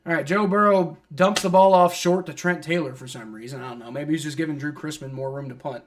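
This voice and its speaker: Talking fast with hardly a pause, a man with a somewhat high voice does live fan commentary on a football match. He sounds exasperated as he rips into the refs and players, with casual swearing and a steady stream of fillers such as "like."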